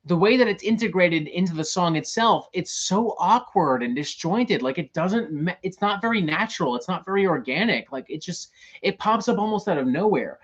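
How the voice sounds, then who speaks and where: A man's voice: sits high, expressive, moderate pace, muffled recording. A man hosting a show, ranting in casual talk, profane and exasperated. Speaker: host.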